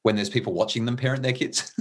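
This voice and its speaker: A man's voice: mid-range voice, steady tone, fast, slight background noise. A middle-aged man explaining parenting ideas in an earnest, conversational way as a guest, restarting phrases when he gets emotional.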